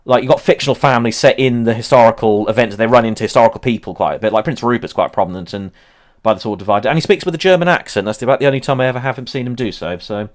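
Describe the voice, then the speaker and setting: This history channel host, a man in his thirties, races through a casual livestream in a mid-range voice. He rambles, says um constantly, and laughs a lot.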